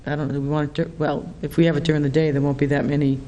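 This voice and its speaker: A man's voice: on the high side, flat delivery, racing, dark tone. A man chairing a town board meeting, speaking hesitantly with many fillers and restarts. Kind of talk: meeting discussion. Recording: faint background noise, public meeting room.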